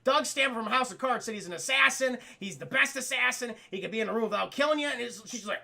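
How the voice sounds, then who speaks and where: A man's voice: very high-pitched, fast talker, gravelly, few pauses, sharp tone. A man giving a casual, profane film review to a live chat, laughing often.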